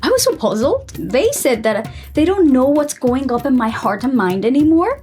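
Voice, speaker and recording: A woman vlogger frankly telling a personal story to camera, animated and blunt, acting out the dialogue as she goes. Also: sits high, moderate pace. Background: soft background music.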